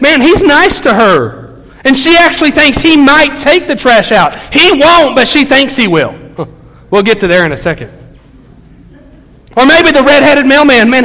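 A man's voice: very high-pitched, sharp tone, long reverb tail, low-quality recording. A man preaching a storytelling sermon as a pastor, talking in a loose, conversational way full of fillers and restarts.

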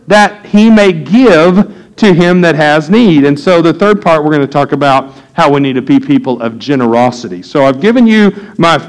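A middle-aged man preaching a sermon, telling folksy stories and getting animated when he quotes people. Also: fairly high pitch, poor audio. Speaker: pastor. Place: church.

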